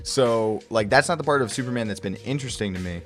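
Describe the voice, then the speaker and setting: A young man casually reviewing a comic book, rambling and profane, often slipping into quick put-on voices for the characters. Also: lowish voice, soft background music.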